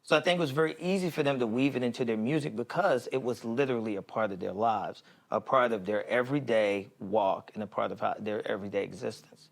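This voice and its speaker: A man's voice: on the low side, fast, gravelly, few pauses. A man co-hosting a faith podcast, talking in a reflective way that is full of restarts and repeated words. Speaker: podcast co-host. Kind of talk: casual discussion.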